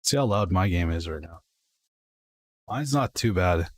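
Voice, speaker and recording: A man's voice: low voice, expressive, unhurried, no echo. A young man casually chatting and rambling to his viewers while playing a flight game on a livestream. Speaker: streamer. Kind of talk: casual gaming livestream chat.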